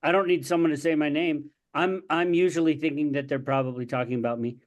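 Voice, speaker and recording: A man co-hosting a podcast, chiming in quickly in casual conversation. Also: on the high side, steady tone. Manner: quick interjections. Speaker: podcast co-host. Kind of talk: casual chat.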